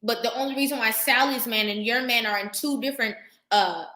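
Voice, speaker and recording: A young woman hosting a live stream, talking emphatically and preaching to her viewers, pausing now and then to thank them for their comments. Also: fairly high pitch, pushed and bright. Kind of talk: impassioned live-stream talk. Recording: roomy echo.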